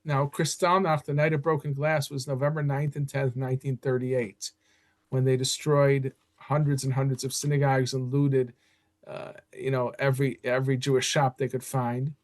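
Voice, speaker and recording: An older man from Chicago, a guest historian, telling stories in an animated way in a podcast interview. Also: normal speed. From Chicago, USA. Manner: animated storyteller, leaps up in pitch when excited.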